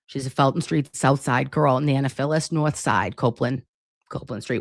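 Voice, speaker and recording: Hosting a casual livestream, this Massachusetts woman in her forties chats profanely and leans on "like" as a constant filler. Her low-pitched voice moves at a moderate pace, captured in studio quality without echo.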